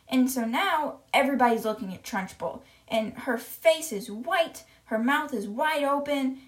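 A woman retelling a children's book in a casual, chatty way, often saying "like". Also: high voice. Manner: chatty, uses "like" a lot. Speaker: podcast storyteller.

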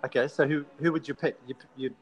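A man's voice: on the high side, fairly even intonation, quick pace, rough recording. Rambling Australian man, podcast co-host. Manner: rambling, teasing, with many fillers and restarts. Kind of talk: casual podcast chat.

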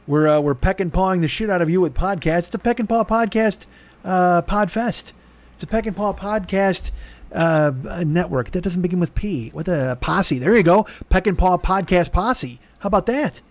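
A man with a fairly high voice rambles through a podcast plug, swearing freely and mocking himself as he talks in circles. His voice is close and dry on the microphone. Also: normal speed, no room sound. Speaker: podcast host. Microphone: studio microphone.

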